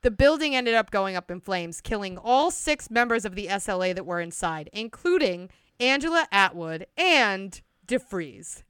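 A woman's voice: mid-range voice, a bit bright, smooth, no room sound, clean studio sound. A young woman co-hosting a podcast, retelling a true-crime case from notes with chatty asides. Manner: reads notes with chatty asides and frequent laughter. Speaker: podcast co-host. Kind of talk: casual true-crime storytelling.

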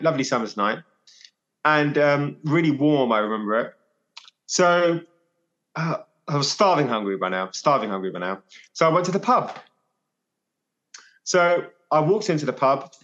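A man in his forties telling a personal story as a podcast guest, reflective and halting, often repeating his phrases. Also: mid-range voice, fairly bright tone, lo-fi sound. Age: 40s.

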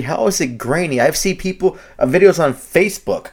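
A man co-hosting a sports podcast, talking in an excitable, profane, rambling way with many restarts. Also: on the high side, moderate pace, few pauses. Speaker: podcast co-host. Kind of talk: heated sports talk.

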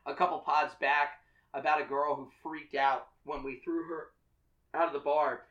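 A man's voice: fairly high pitch, level tone, normal speed, a bit bright, muffled recording. Rambling man hosting a drinking podcast. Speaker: podcast host. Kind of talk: casual chat.

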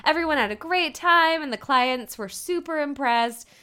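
Woman, podcast co-host, casual chat, bright tone, animated retelling, quotes characters. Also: sits high. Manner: animated retelling, quoting characters in quick voices, laughing often. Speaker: podcast co-host recapping a TV episode.

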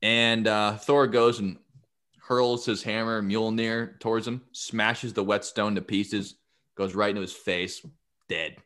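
Deep-voiced man telling myths casually. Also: fairly even intonation, slow pace, a bit bright. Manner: jokey, rambling with fillers. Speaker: podcast host. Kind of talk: casual storytelling.

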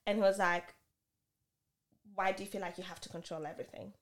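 A woman co-hosting a casual podcast, telling a story with animated delivery and acting out both sides of an argument. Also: on the low side, fairly quick. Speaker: podcast co-host.

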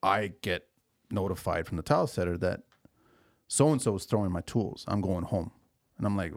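A man co-hosting a podcast, telling a job-site story in casual chat, animated and quick to laugh. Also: low-pitched. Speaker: podcast co-host.

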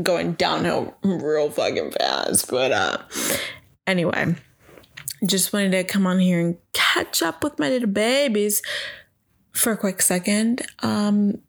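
Young female podcast host, a little drunk, swearing freely at her mic, lots of fry. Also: fairly low pitch. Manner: tipsy, rambling, self-mocking and profane. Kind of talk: casual solo podcast chat. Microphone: podcast microphone.

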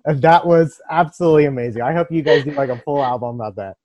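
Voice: medium pitch, quick pace, dull audio, very noisy. An interview host chatting casually and enthusiastically with a guest, laughing easily.

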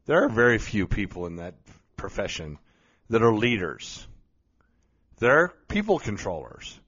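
A man's voice: lowish voice, big pitch swings, measured pace, long pauses, a bit bright, slightly rough. A man telling a story as a motivational speaker, blunt and emphatic, with some mild cursing. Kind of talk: storytelling monologue. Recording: slightly dull lo-fi recording.

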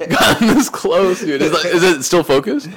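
A man's voice: sits high, animated, normal speed, a crowd in the background. A man co-hosting a casual podcast, talking in a laid-back, rambling way with lots of "yeah, yeah". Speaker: podcast co-host. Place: small studio with cameras and lights.

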